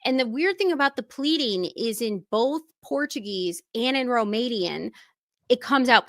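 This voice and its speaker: A woman co-hosting a true-crime stream, talking excitedly in casual chat and swearing in quick bursts. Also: on the high side, no echo. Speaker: stream co-host.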